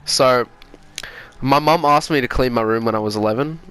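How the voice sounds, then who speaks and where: A man's voice: medium pitch, normal speed, fairly bright tone, smooth, dry recording. An Australian man from Sydney telling a story in casual chat, swearing freely and laughing as he goes.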